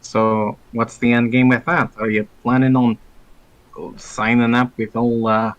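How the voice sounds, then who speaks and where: A man's voice: mid-range voice, flat delivery, measured pace, dull audio, lightly acted. Man putting on a thick-accented soldier. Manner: blunt, calls others lad. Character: gruff male soldier comrade with a thick accent. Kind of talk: in-character tabletop role-play.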